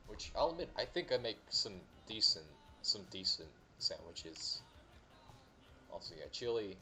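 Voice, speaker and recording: A man's voice: sits low, bright, forceful tone. A young man chatting casually while streaming a game, rambling with many fillers and restarts. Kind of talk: casual gameplay chat.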